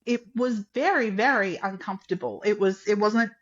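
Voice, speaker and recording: On lo-fi sound, a podcast guest with a mid-range voice talks at a normal speed. She chattily recounts a personal story, imitating other people's words and saying "like" constantly.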